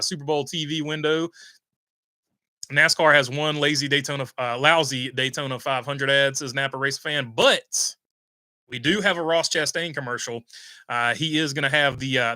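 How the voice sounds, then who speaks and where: Young adult man, livestream host reading chat; bright, crisp tone, dry close-mic sound, loose and rambling. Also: mid-range voice, no room sound. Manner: rambling, many "uh" fillers, reads viewer comments aloud.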